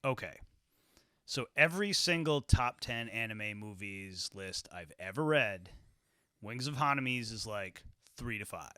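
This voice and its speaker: Male podcast co-host, bright smooth voice, blunt, jokey, profane. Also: fairly low pitch, lively intonation, measured pace, no room sound, clean studio sound. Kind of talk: casual podcast chat.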